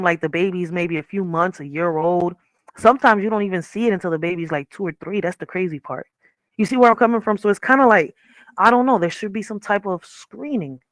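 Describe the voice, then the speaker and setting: A woman's voice: lowish voice, a bit bright, no echo. Candid chatty woman, dry close sound. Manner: candid, rambling, profane, asks 'you see where I'm coming from'. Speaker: podcast host. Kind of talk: casual commentary.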